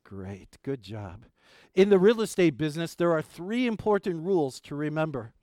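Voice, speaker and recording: A middle-aged pastor preaching an Easter sermon, folksy and animated when telling stories, soft and gentle in prayer. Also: male voice, on the high side, a little fast, no room sound. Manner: folksy, animated storytelling with jokes.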